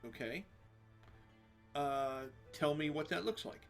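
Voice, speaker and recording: A game master leads his tabletop session with a bright, forceful voice pitched a little high. His narration is lively and descriptive, full of laughter, with faint music under it. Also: takes it slowly, gravelly.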